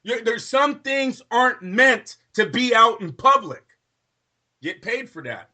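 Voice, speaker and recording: A man's voice: very high-pitched, sing-song, unhurried, pushed and bright. A man co-hosting a boxing podcast, ranting in a heated debate, profane and insistent.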